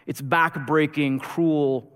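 Man preaching a sermon, animated storytelling, fairly high voice, long reverb of a big hall. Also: slow. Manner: animated storytelling, swings between loud and hushed. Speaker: pastor.

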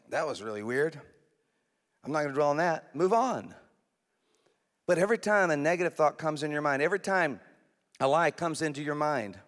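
A man's voice: mid-range voice, a bit bright. Earnest preaching man in a reverberant hall. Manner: earnest, conversational preaching with restarts. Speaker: pastor. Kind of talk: sermon.

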